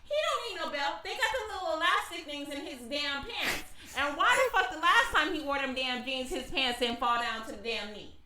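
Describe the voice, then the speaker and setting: A high, bright woman's voice swings all over as she tells a cursing, animated story in casual podcast chat. The room around her rings with echo. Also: normal speed, few pauses, slight background noise. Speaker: podcast co-host. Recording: echoey room.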